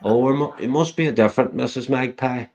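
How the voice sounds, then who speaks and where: A man's voice: medium pitch, quick pace, a little mellow. A man chatting on a live stream, teasing others crudely and swearing constantly. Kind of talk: casual chat.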